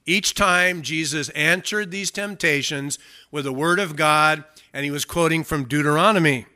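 A male pastor delivers an expository sermon with an emphatic, searching delivery. He often asks his listeners direct questions. His voice is fairly high and very bright, with a sharp, forward edge. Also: normal speed.

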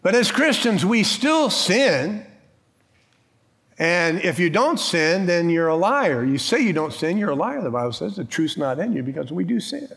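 A man's voice: high-pitched, big pitch swings, moderate pace, gravelly, a bit bright. A man who is a pastor, preaching a sermon in a church with an emphatic, conversational style, rhetorical questions and bits of humor.

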